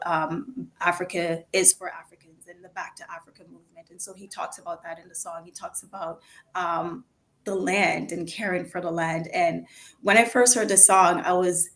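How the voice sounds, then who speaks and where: A Jamaican woman talks casually on an online live show. Her voice sits low, and her delivery is earnest and reflective, with frequent "um"s as she gathers her thoughts. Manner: earnest, reflective, with many fillers. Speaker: live show co-host sharing a song.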